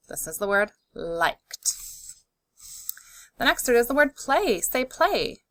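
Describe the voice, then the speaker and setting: A woman teaching a phonics lesson to young children, sounding out words slowly and clearly and encouraging them. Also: mid-range voice, bright, forceful tone, dry recording.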